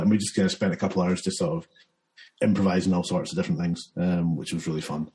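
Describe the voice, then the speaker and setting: Man, filmmaker guest, low warm voice, loose rambling delivery. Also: level tone, fast talker, poor audio. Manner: rambling, many fillers and restarts, laughs often. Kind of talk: casual interview chat.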